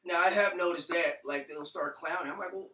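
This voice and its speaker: A man's voice: on the high side, steady tone, brisk, pushed and bright. A man co-hosting a casual chat, asking questions with hesitant restarts. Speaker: podcast co-host. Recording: distant roomy mic with faint noise.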